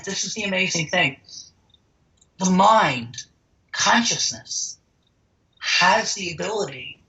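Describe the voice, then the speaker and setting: A man's voice: high voice, pushed and bright, lo-fi sound. A man interviewed as the founder of a healing center, talking emphatically and acting out the people in his stories. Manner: emphatic, acts out quoted dialogue. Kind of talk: animated interview storytelling.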